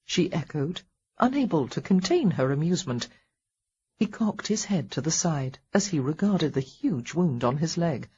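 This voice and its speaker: A woman narrating a historical romance audiobook in a soft, measured reading with a breathy voice. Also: sits low, expressive, dull audio. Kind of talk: scripted narration.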